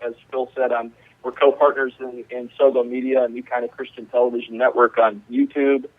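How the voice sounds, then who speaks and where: A man from the Charlotte, North Carolina area, a guest calling in to a radio interview, earnest and filling his pauses with ums and uhs. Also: medium pitch, flat delivery. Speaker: guest, community organizer. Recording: phone line.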